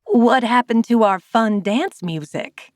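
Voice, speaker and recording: A woman's voice: fairly high pitch, lively intonation, slow, darkish tone, dry recording, studio quality, voice pushed up. A woman narrator voicing a fussy older lady who chats in a playfully complaining way in an audiobook. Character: fussy older lady fond of dance music and fancy hats. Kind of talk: audiobook character voice.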